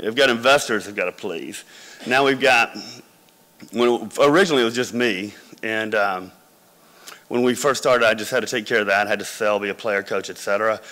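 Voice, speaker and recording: Speaking to a room of MBA students, this male company founder keeps things conversational and leans on anecdotes. Hall reverb surrounds his medium-pitched, fairly bright voice.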